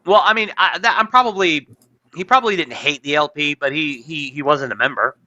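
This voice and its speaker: A man with a very bright, sharp-edged voice talks through a casual political podcast. He is blunt and quick to get worked up, with his pitch climbing as he argues. Between rants he reads news items aloud and stumbles over them. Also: muffled recording. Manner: blunt, excitable, rising pitch when worked up. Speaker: podcast co-host.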